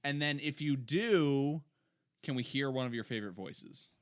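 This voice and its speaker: A podcast host interviewing guests in a friendly, unhurried way. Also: mid-range voice.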